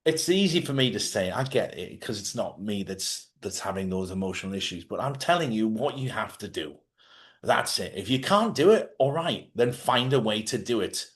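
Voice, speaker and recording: A man's voice: fairly low pitch, very animated, moderate pace. Blunt, forthright man giving life advice. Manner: blunt, forthright, swears freely. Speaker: host. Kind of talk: live advice talk. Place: lives in Spain.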